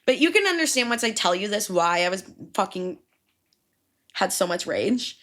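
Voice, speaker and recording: Young woman, podcast host, solo casual storytelling, animated, sweary, acts out quotes, lively pitch. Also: normal speed.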